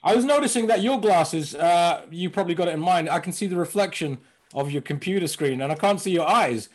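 A comedian guest chatting playfully over a video call, rambling and laughing often. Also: male voice, high voice, animated, a little fast. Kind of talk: casual comedic chat.

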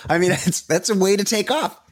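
A man's voice: high voice, a little fast, dry recording, clean studio sound. A man co-hosting a comedy podcast, telling rambling, profane stories full of restarts in casual chat. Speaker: podcast co-host.

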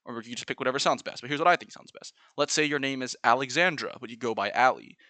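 Bright-voiced man explaining earnestly. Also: medium pitch, fast talker, no echo. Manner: earnest, playfully analytical. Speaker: video essayist. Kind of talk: explanatory monologue with sung examples.

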